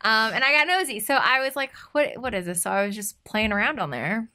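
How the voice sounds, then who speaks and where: A podcast co-host in her thirties, her voice on the high side and her pace brisk, shares a personal story in a casual chat. She's lively throughout, voicing the quoted lines herself.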